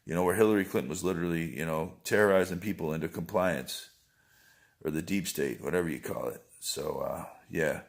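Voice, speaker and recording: A man's voice: sits low, brisk, gravelly. A man talking in a casual, rambling monologue, wandering between thoughts and swearing freely.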